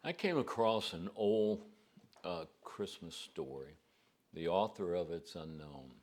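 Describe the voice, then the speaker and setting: Deep-voiced preacher, slow homespun storytelling, conversational. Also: male voice, expressive, a little mellow. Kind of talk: storytelling to a congregation.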